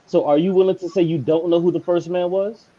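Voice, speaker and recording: Man, caller, insistent, high voice, dark and husky tone, muffled call audio. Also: fairly even intonation, fairly quick, a little hiss or hum. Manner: insistent, repeats his questions. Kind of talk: live online debate.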